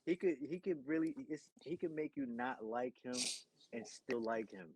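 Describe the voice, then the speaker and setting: A man's voice: mid-range voice, expressive, moderate pace, a crowd in the background, poor audio. A man casually reminiscing, laughing and acting out what a friend used to say. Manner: laughing, acts out quotes. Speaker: group member reminiscing. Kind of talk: casual storytelling. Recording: loud background noise.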